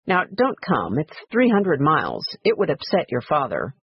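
A man voicing a caring mother who gives calm, matter-of-fact reassurance, in a dry, slightly dull recording. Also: fairly high pitch, normal speed, vocal fry, husky, dry recording, full character voice. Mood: reassuring.

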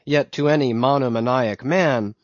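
A man reads a classic novel aloud at a measured, steady pace. His voice sits mid-range. The recording is dry and close, with a slightly dull, muffled tone. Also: medium pitch, no room sound. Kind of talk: audiobook narration.

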